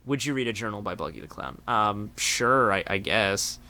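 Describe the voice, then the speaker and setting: A man's voice: on the low side, expressive, moderate pace, sharp tone. A young man hosting a livestream, chatting casually and rambling with lots of filler words. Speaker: streamer host.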